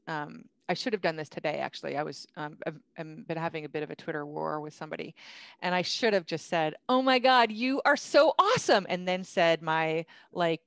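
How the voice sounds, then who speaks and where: A woman's voice: low voice, clear, resonant tone, no echo. A woman giving a casual webinar talk as a company founder, upbeat and chatty, laughing often. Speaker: guest speaker, company founder.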